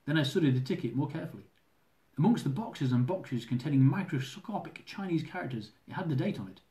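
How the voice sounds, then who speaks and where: A man reading his own humorous travel memoir aloud, lively and dramatic, with comic swearing. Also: fairly high pitch, fast. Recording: roomy echo.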